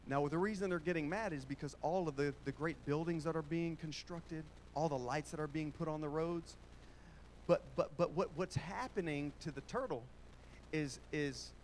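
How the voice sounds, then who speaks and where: High-voiced preacher man working the congregation. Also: slight background noise. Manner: call-and-response preaching, prodding the congregation; conversational, with Southern-style colloquial phrasing. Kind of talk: sermon. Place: church sanctuary with congregation.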